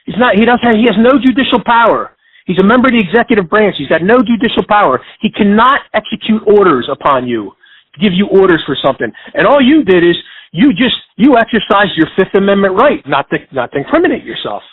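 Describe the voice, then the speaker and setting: A man's voice: sits high, big pitch swings, fast talker, slightly rough, no echo. A man hosting a radio talk show, lecturing insistently and repeating his points. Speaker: radio host giving legal advice. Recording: dry phone-line sound.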